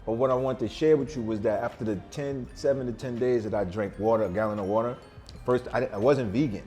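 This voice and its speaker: A man talks up his vegan cooking with swagger, leaning hard on street slang. He sounds at home in a mid-pitched voice, neither high nor low. Faint music plays behind him in a restaurant. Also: fast. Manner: boastful, animated, streetwise slang. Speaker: vegan chef and weight loss guest. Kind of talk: casual interview over a meal.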